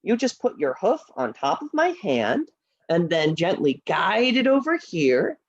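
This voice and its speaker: A woman's voice: fairly low pitch, sing-song, measured pace, highs cut off, voice pushed down, full character voice. A woman voicing a cheerful, patient teacher puppet who coaxes and encourages a friend, in a puppet show over a video call. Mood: encouraging. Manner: encouraging, upbeat, coaxing.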